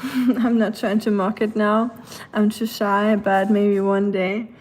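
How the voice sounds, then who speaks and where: A woman's voice: medium pitch, little pitch movement, slow pace, a little mellow, poor audio. A young adult woman with a Southern American accent and a nasal voice, chatting casually on a livestream from home. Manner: chatty, talks to her dog in a sing-song baby voice. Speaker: livestream host. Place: home kitchen.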